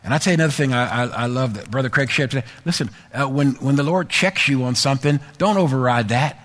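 Quick and fairly bright, a medium-pitched male pastor opens his sermon with a personal story told conversationally. Repetition of phrases carries him into emphatic exhortation, with long hall reverb on the recording.

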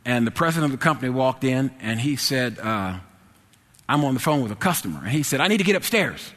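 This is a man telling a personal story before an audience, his voice sitting at an ordinary middle pitch. He is animated, sliding from low, hesitant mumbles up to loud, excited exclamations. The sound carries a long reverb, as if spoken in a large hall. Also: fairly quick. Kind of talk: personal anecdote told to an audience.

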